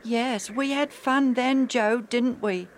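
A woman voicing Alf, a gentle, tender-hearted boy who speaks in a high, earnest way. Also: fairly even intonation, slow pace, slight background noise. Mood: fond. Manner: high, earnest, near tears when sad.

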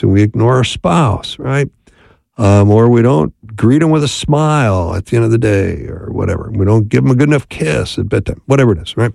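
A man's voice: medium pitch, vocal fry, a little mellow, no echo, studio quality. A man giving a conversational talk on marriage, often checking in with "right?". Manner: conversational, keeps asking "right?".

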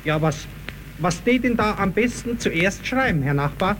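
A man playing a squeaky, fussy neighbour in an old children's radio show. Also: expressive, moderate pace, a bit bright, slight background noise, low-quality recording. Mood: questioning. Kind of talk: 1930s live children's radio acting. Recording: old archive radio recording with music.

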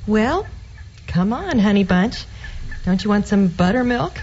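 An actress playing a coy, sugary-sweet young wife with a teasing manner, in a radio drama. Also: female voice, medium pitch, sing-song, measured pace, darkish tone, breathy edge. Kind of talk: 1940s radio acting. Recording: dull lo-fi radio recording.

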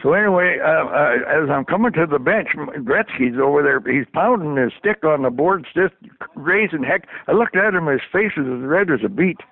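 A man's voice: a little high, lively intonation, moderate pace, no room sound. An older man, a former hockey trainer, telling stories and chuckling often as an interview guest. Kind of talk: anecdotal storytelling. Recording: tinny dry phone line.

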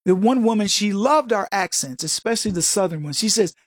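A man giving an opinionated monologue as a political commentator, firing off sarcastic rhetorical questions in an animated way. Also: high-pitched, fairly quick, hardly any pauses, no echo, clean studio sound.

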